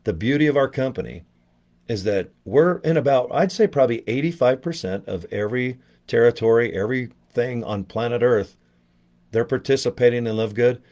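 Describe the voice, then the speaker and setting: A middle-aged man talking straight to his viewers in a casual pep-talk style. His voice sits at an ordinary, mid-range pitch. He rambles loosely, swears freely and often restarts his sentences. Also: animated, normal speed, a little mellow. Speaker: network marketing promoter. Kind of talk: casual motivational video talk.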